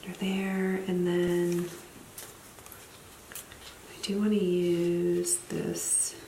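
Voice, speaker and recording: Woman, lowish voice, chatty plan-with-me narration, thinking out loud, roomy echo. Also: monotone, extremely slow, slight background noise. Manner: chatty, thinks aloud, self-deprecating asides. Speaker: planner vlogger; teacher. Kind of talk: casual plan-with-me narration while decorating.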